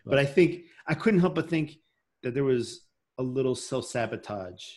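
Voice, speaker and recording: A man's voice: mid-range voice, expressive, normal speed, a little mellow. Man, podcast host, casual chat, rambling, emotional.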